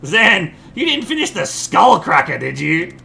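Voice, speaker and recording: A man doing a shrill, fussy old lady. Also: sing-song, unhurried, vocal fry, pushed and bright, faint music behind, full character voice. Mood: doting. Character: fussy, chatty old woman, a doting mother. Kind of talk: reading game dialogue aloud.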